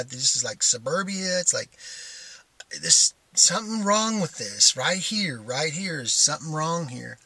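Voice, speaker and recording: A man's voice: fairly high pitch, sharp tone, husky, no echo. A man talking casually in a personal vlog, rambling and thinking aloud with many stops and restarts. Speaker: vlogger.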